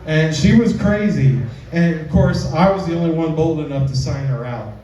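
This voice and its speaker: A man with a fairly high voice performs stand-up at a slow, unhurried pace. He is picked up from a distance in a very echoey club, with faint room noise behind him. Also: mellow, dull audio. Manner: slow, drawn-out delivery with squealing voices for the girls. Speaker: stand-up comedian. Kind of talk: live stand-up set. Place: small comedy club stage.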